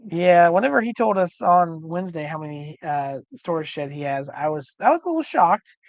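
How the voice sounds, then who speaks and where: A man's voice: on the high side, very animated, normal speed, no echo. Man losing his voice, casual rambling streamer co-host, dry close mic. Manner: rambling, many fillers and restarts. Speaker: livestream co-host. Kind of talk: casual chat.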